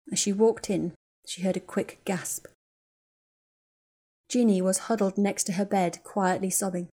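A woman narrating a fanfiction audiobook in a measured, quiet storytelling manner. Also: on the low side. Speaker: audiobook reader. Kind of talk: scripted narration.

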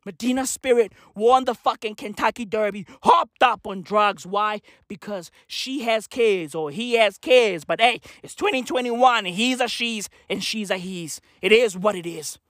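A comedian delivering a manic, profane rant that swings between shouting and muttering. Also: medium pitch, a little slow, hardly any pauses, no room sound, clean studio sound.

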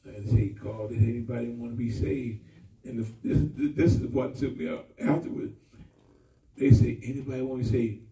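A male pastor giving a testimony sermon, telling his story with animated shouts and laughter. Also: mid-range voice, normal speed, vocal fry. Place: church hall with congregation. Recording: echoey room, far from mic.

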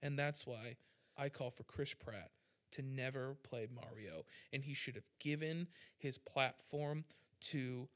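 A man's voice: mid-range voice, unhurried, fairly bright tone. A young man hosting a podcast, ranting irreverently in casual chat, full of "like" and "dude". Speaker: podcast host, musician.

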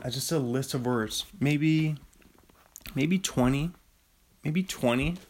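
A man hosting a solo podcast late at night, rambling loosely and getting loopy, with sudden excited bursts and laughter. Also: medium pitch. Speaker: podcast host.

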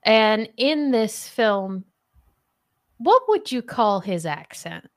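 A woman's voice: on the high side, sing-song, takes it slowly. A woman hosting a casual podcast chat and running a playful quiz, laughing often. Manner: giggly, chatty, laughs often. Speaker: podcast host.

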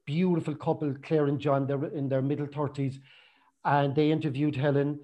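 A man tells a long personal story in a loose, chatty manner, slipping into the voices of the people he quotes. His voice sits a little high for a man but sounds mellow and warm rather than bright. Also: normal speed. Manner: chatty, animated retelling with acted quotes.

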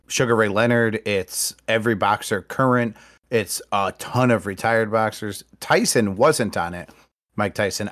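A man with a lowish voice tells a story in loose, casual podcast chat. He swears freely and gets louder and more animated as the story builds.

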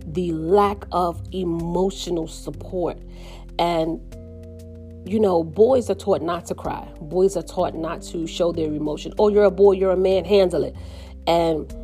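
A middle-aged woman talks earnestly and reflectively about her own story, slowing down on the painful parts. Her voice sits a little low and sounds mellow and warm. Soft music plays faintly beneath her. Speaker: mother sharing her story. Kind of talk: personal reflective monologue.

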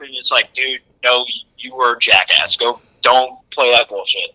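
Bright-voiced, easygoing male podcast guest. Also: medium pitch, normal speed, rough recording. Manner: easygoing, agreeable, blunt. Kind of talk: casual chat.

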